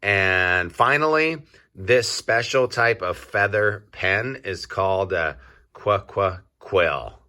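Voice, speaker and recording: Slow, deep-voiced man reading to kids. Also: sharp tone. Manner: slow, deliberate, quizzing young listeners. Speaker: children's story reader. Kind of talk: read-aloud storybook for kids.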